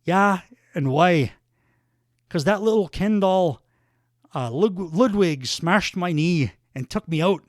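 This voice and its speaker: Brash Irish wrestler type, raised-voice swagger and trash talk, as a man puts him on; a higher, dry-sounding voice. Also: expressive, slow pace, no echo. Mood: boastful. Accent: Irish, put on. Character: brash loud Irish male wrestler, boastful and combative.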